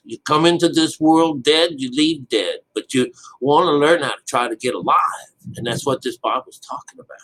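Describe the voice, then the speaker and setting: A Bible teacher with a fairly high, bright voice gives a casual, rambling commentary on the Bible, restarting often and swearing loosely, on a rough recording.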